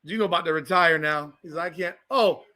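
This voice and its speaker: A man's voice: on the high side, fairly quick, sharp tone. A man from South Florida hosting a live watch-party podcast, ranting profanely and heatedly over the game. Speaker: podcast host.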